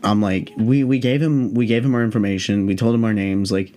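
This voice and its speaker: Man, late twenties, lowish voice, podcast host, rambling casual story, swears a lot, animated. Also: brisk. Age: late 20s.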